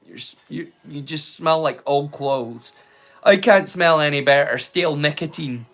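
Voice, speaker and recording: A man's voice: fairly high pitch, a little slow, a bit bright. A Scottish man hosting a live watch-along stream. He chats casually, rambling, swearing and poking fun at himself. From Scotland. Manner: rambling, sweary, self-mocking.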